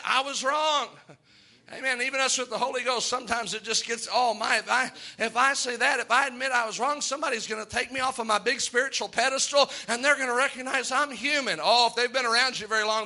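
Bright, high-voiced fervent male preacher. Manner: fervent, emphatic preaching with rising exclamations; folksy, self-deprecating storytelling. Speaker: pastor. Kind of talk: sermon.

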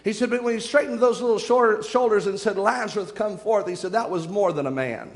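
High-voiced preacher in echoing church. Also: male voice. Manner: fervent, slows to drawn-out emphasis on scripture. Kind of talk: sermon.

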